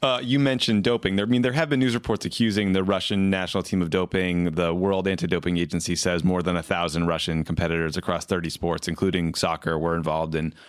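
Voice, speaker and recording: A man hosting a podcast, asking measured, plain interview questions. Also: deep voice, fairly even intonation, no room sound, clean studio sound. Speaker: podcast host.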